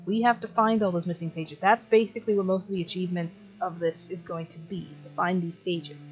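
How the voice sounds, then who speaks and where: A woman's voice: lowish voice, fairly even intonation, a little fast, hardly any pauses, a little mellow, lo-fi sound, faint music behind. A woman casually commentating her game playthrough in a chatty, self-deprecating way. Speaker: let's play gamer. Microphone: headphones on while playing.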